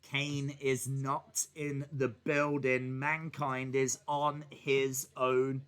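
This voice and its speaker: A man hosting a wrestling watch-along stream, giving excited live reaction commentary and joking, with bursts of shouting. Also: mid-range voice, extremely slow, clear, resonant tone.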